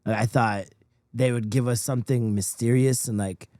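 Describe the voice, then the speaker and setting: A man co-hosting a podcast in casual chat, animated and quick to laugh. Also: mid-range voice, dry recording, clean studio sound. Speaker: podcast co-host.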